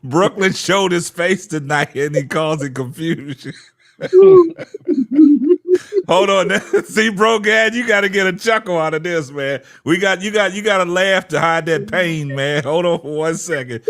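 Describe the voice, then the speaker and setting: Laughing livestream host, slightly high voice. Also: male voice, normal speed, creaky, hardly any pauses, pushed and bright. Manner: laughing, repeats "man" and "hold on". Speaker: livestream host reading super chats. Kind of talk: casual sports chat.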